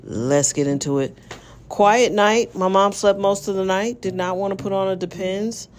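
A woman's voice: medium pitch, normal speed, faint music behind. A middle-aged woman hosting a casual solo podcast, exhausted and rambling, with lots of fillers and yawns. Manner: rambling, tired, yawning, with many fillers. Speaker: podcast host.

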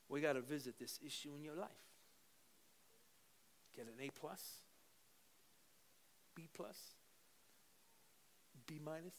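A man preaching a sermon to a church congregation, moving from quiet teaching into fervent prayer. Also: fairly high pitch, a little hiss or hum. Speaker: pastor. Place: church service.

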